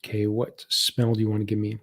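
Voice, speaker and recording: A man with a low, husky voice guides a live spiritual practice. He talks slowly and softly, pausing as he reads viewer comments and describes what he senses. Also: monotone. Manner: slow, soft-spoken, reads viewer comments aloud. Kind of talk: live guided meditation session.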